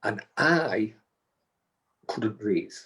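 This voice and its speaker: A man's voice: lowish voice, expressive, extremely slow, background noise. A man, a guest telling a story and acting out the dialogue, with frequent restarts. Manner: recounts events with repeated restarts and acted-out quotes. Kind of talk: storytelling in conversation.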